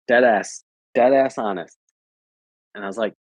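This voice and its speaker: A man's voice: mid-range voice, moderate pace, long pauses, a little mellow, no room sound, rough recording. A young adult American man chatting casually with viewers, rambling and repeating filler phrases. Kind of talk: casual chat.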